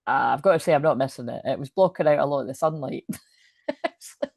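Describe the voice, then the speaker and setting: A woman's voice: rumbling low, fast talker, gravelly, darkish tone, dry recording, clean studio sound. A young woman giving a casual, rambling oracle card reading, laughing often and swearing casually. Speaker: spiritual reader and coach.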